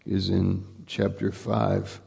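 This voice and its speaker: A male pastor preaches at an unhurried pace in a heavily gravelly, husky voice that sits fairly low. He talks to the congregation plainly, repeating his points and asking rhetorical questions. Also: monotone, darkish tone. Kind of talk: sermon.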